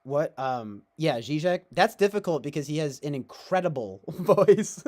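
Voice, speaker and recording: A man's voice: fairly high pitch, lively intonation, measured pace, a little mellow. A man hosting a loose streamed chat, with a voice that rises and falls freely. He rambles, trails off and swears casually as he talks. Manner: rambling, laughing often, swearing. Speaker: host.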